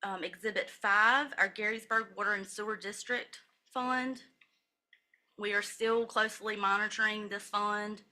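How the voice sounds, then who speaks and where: A woman's voice: medium pitch, steady tone, unhurried, sharp tone. A woman county finance officer reading a monthly financial report at a public meeting, reciting figures methodically with brief self-corrections. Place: county commissioners' meeting room.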